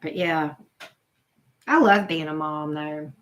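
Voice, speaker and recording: A woman's voice: deep voice, slow pace, slight background noise. A middle-aged woman, hosting a casual live-stream chat, reacting to viewers' comments with frequent exclamations. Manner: chatty, reacts to chat names, exclaims often. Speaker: channel host reading live chat.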